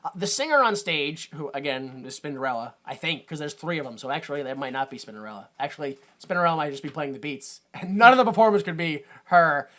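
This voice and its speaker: A podcast co-host talking in a loose, rambling way, full of fillers and wry asides. The pitch swings widely as they recap a film in casual chat. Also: expressive, quick pace, hardly any pauses, sharp tone.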